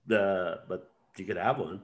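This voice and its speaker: A man's voice: deep voice, a little slow, highs cut off. A man hosting a podcast in casual conversation, talking in a meandering way with many fillers as he retells scenes. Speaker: podcast host.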